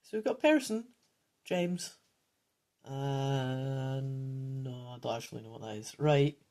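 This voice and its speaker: A woman's voice: extremely low pitch, takes it slowly, dark tone. A woman reading a gamebook aloud and chatting casually, often sidetracking and correcting herself. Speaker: gamebook player and reader. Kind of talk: casual playthrough narration.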